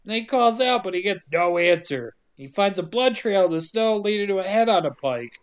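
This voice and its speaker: A man's voice: sits high, lively intonation, normal speed, clean tone. A man hosting a casual podcast, recapping a film with sarcastic, profane jokes. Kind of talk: casual chat.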